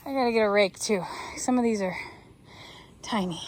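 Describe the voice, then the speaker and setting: A woman's voice: fairly high pitch, moderate pace, long pauses, a bit bright. A woman chatting casually to the camera outdoors on a farm while doing chores. She talks to herself and makes playful asides to her viewers. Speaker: vlogger and horse owner.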